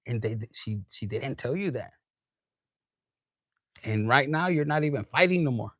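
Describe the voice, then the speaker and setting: A man giving a collective tarot reading. He talks in a profane, animated way and drops into Spanish. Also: a little high, normal speed, no room sound. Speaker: tarot reader.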